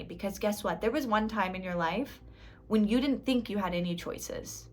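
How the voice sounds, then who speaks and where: A woman's voice: medium pitch, normal speed, a little mellow. A woman in her thirties, a spiritual life coach, talking straight to her viewers in a casual motivational vlog, emphatic and dramatic and often laughing at herself.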